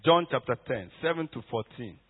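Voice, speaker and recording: A man preaching a sermon with fervent intensity, swinging between loud emphatic bursts and hushed prayer in a church hall. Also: medium pitch, lively intonation, fairly quick, breathy edge. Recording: tinny phone-like sound with long hall reverb.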